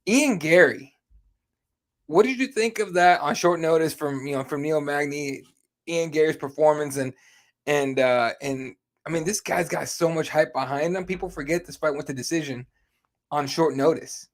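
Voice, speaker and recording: An easygoing man from Arizona co-hosts a casual podcast and reads out viewer comments. His voice sits slightly high, and he agrees readily and laughs often. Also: normal speed. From Arizona, USA. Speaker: podcast co-host reading live chat.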